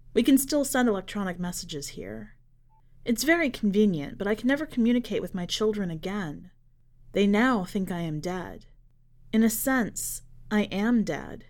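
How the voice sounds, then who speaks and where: A woman narrating a dark short story for a fiction podcast in a measured, dramatic reading style. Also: medium pitch. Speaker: podcast editor and reader.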